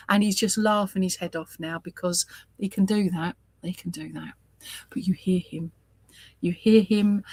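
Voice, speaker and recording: A woman giving a live mediumship reading, speaking gently and reassuringly and often murmuring sympathy. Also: medium pitch, no room sound. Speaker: spiritualist medium.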